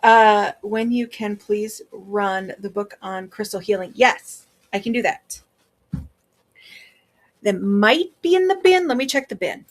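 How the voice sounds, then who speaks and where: A woman's voice: mid-range voice, takes it slowly. A woman with a Wisconsin accent chatting casually on a livestream as a seller, rambling with many fillers. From Wisconsin, USA.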